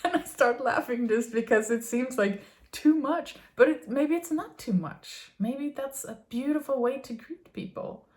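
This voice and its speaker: A woman in her thirties or forties giving a gentle, earnest spiritual musing to her viewers, with many fillers and soft laughs. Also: high-pitched, unhurried, hardly any pauses. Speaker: vlogger.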